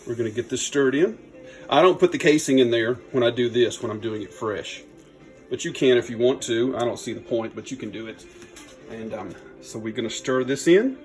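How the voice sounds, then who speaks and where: A chatty man hosts a home cooking video. His voice sits at an ordinary middle pitch, and he keeps a folksy, upbeat tone. Faint music plays behind him. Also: fairly quick. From Louisiana. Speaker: cooking channel host. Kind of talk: casual cooking demo. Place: home kitchen.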